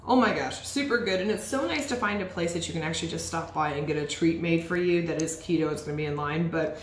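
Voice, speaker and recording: A woman's voice: deep voice, fast talker, a little hiss or hum. A woman chatting enthusiastically while tasting treats for a casual vlog, recorded in a bakery. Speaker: vlogger. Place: bakery, indoors. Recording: echoey room with faint ambience.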